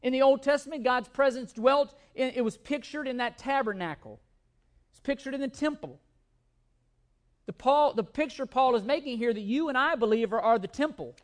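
A man's voice: very high voice, normal speed. A man preaching a sermon as pastor, emphatic, often repeating words and asking rhetorical questions.

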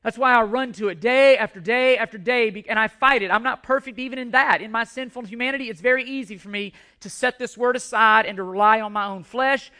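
High, bright-voiced male preacher. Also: brisk, few pauses. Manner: emphatic preaching with repetitions and restarts. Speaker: pastor. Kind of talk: sermon.

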